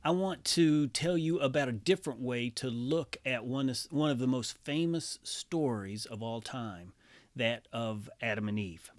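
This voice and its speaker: A man with a mid-range voice telling a familiar story in a relaxed, chatty way. His talk is loose and full of asides and small fillers. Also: mid-range voice, unhurried. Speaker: storyteller and songwriter.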